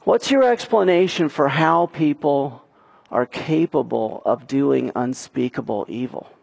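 A man's voice: medium pitch, expressive, unhurried, creaky, a little mellow, husky. A man preaching a sermon as a pastor, earnest and pushing his points with emphatic questions.

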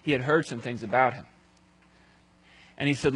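A male pastor giving a conversational sermon, telling the story aloud and dropping to a hush at solemn moments. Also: medium pitch, normal speed, long pauses, slightly rough, poor audio.

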